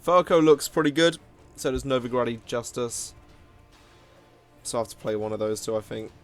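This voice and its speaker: A man's voice: mid-range voice, moderate pace, faint music behind. A man giving casual, self-mocking commentary while playing a card game, often laughing at himself. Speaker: gaming video host.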